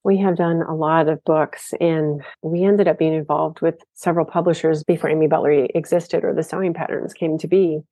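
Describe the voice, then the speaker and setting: A woman guest in an interview, telling stories about her design work in a lively, enthusiastic way. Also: deep voice, moderate pace, few pauses, no room sound. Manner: storytelling, enthusiastic. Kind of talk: casual interview talk.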